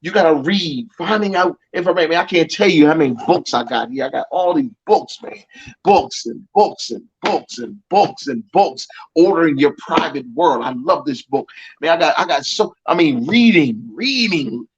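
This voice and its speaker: A man's voice: fairly high pitch, lively intonation, normal speed, slightly rough, highs cut off. A middle-aged male coach speaking in an interview, emphatic and repetitive with a preacher-like cadence and many restarts. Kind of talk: motivational interview talk.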